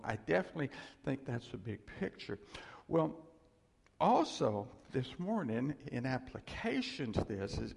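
A man giving an informal, conversational sermon as preacher, rambling and restarting often. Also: mid-range voice. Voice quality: gravelly, breathy. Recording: long hall reverb.

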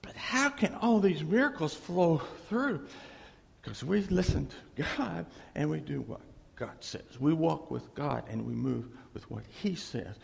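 A man preaches an informal sermon in a folksy, lively way. His voice sits high and gravelly and swings widely in pitch. A long hall reverb trails after his words. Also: unhurried. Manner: folksy, animated, acts out dialogue, chuckles often.

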